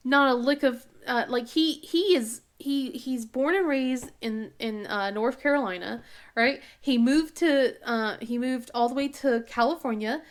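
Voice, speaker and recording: A chatty woman in her thirties with a Southern US twang and a fairly high voice. She tells family stories in a relaxed vlog chat while crafting, laughing often and acting out the voices of her family. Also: unhurried. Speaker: crafting vlogger. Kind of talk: casual chat while diamond painting.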